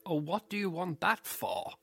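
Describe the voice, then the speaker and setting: A podcaster voicing a friendly male Venusian spaceman with a slight put-on accent, speaking slowly and drawn out. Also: medium pitch, big pitch swings, gravelly, bright, forceful tone, soft background music, voice pushed up, exaggerated voice. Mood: smug, friendly.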